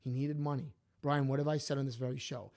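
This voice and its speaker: A man, co-hosting a podcast, telling stories and opinions in an animated, emphatic way. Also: medium pitch, quick pace. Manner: animated, emphatic, repeats himself. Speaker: podcast co-host. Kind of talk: casual opinionated storytelling.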